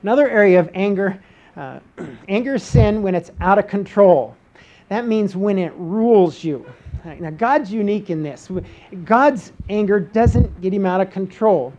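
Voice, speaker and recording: A woman's voice: mid-range voice, normal speed, dark tone, highs cut off. A woman preaching a Bible-teaching sermon, posing rhetorical questions and checking in with her listeners by asking "okay?".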